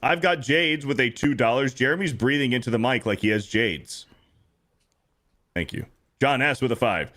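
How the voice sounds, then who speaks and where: A man's voice: medium pitch, lively intonation, moderate pace, bright, forceful tone. A man hosting a casual livestream, reading donation messages aloud and joking with the crew.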